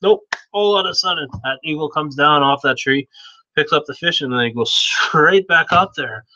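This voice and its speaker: A man's voice: on the high side, moderate pace, bright, forceful tone, dry recording. A man telling a story in a casual, rambling way, with many restarts, on a dull lo-fi recording.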